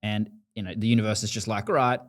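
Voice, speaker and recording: A man's voice: fairly low pitch, fairly even intonation, fast. A man, hosting a podcast and telling a story in casual talk, acting out the voices he quotes. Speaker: podcast host.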